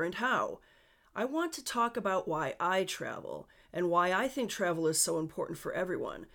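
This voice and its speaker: A woman with a Western New York accent hosting a solo podcast, chatty and personal, with asides to her listeners. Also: lowish voice. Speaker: podcast host.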